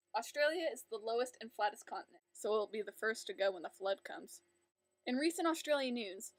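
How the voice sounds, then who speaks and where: A woman's voice: a little high, no echo. A young woman chatting in a casual vlog, playful, with jokey asides. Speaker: vlogger.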